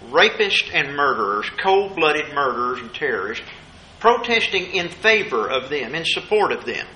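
A man's voice: a little high, pushed and bright, a little hiss or hum, rough recording. A man preaching a Bible study sermon, emphatic and repeating his key phrases for weight.

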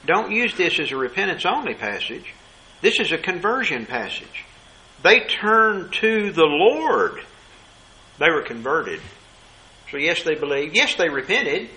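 Man, preacher, sermon, bright forceful tone, slightly raised pitch, emphatic questions, faint room ambience. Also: very animated, low-quality recording. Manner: emphatic, rhetorical questions, slows to stress key words.

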